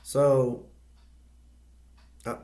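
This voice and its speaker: A man giving a casual movie review, retelling the plot in a rambling, halting way with many restarts. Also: dark tone.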